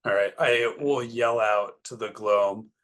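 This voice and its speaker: A man's voice: fairly low pitch, slow pace, a bit bright. A man playing a tabletop role-playing game, talking in a plain, easygoing way. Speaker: player.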